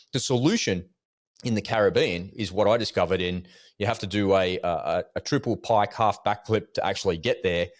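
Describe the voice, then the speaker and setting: A man with a low voice chats on a podcast, telling animated stories and voicing the people he mentions. The sound is dry and close. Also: no room sound. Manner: animated storytelling, acts out callers' voices. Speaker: podcast co-host. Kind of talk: casual podcast chat.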